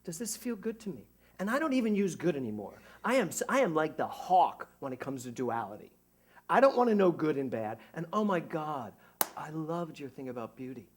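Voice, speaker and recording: A middle-aged man, a minister, giving a conversational sermon to a congregation, animated and joking at his own expense. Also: medium pitch. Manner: animated, jokey, self-mocking. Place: church service before a congregation.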